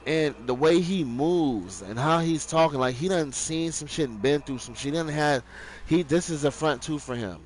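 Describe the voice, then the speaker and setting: A man's voice: a little high, expressive, moderate pace, a little hiss or hum, low-quality recording. A young man streaming live, telling a rambling story in casual, profane slang.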